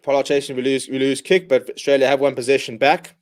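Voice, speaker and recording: A man hosting a live rugby watchalong, calling the play in quick bursts and ranting in exasperation at his own side. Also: mid-range voice, flat delivery. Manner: exasperated, ranting fan commentary. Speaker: watchalong host. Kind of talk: live match watchalong commentary.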